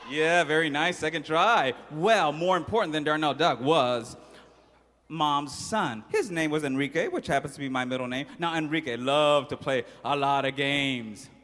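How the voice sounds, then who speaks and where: A man's voice: a little high, normal speed, fairly bright tone. A man telling a story live to children in a playful, interactive way, coaxing the audience to join in. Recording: long hall reverb.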